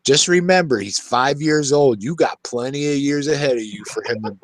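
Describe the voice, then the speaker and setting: A man's voice: medium pitch, normal speed, dry recording. Laughing older man telling family stories. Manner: folksy, laughing storyteller. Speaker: show host. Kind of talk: casual talk show chat.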